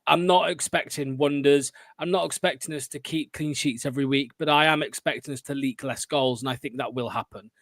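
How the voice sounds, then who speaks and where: A man's voice: mid-range voice, a little fast, few pauses, a bit bright, no room sound. A man co-hosting a fan podcast, confident and chatty, with frequent fillers. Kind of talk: casual football fan chat.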